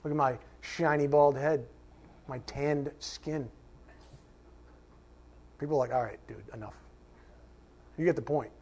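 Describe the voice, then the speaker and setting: A man preaching a sermon as pastor, conversational and self-mocking, animated and joking, sometimes shouting. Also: medium pitch, unhurried, long pauses, husky.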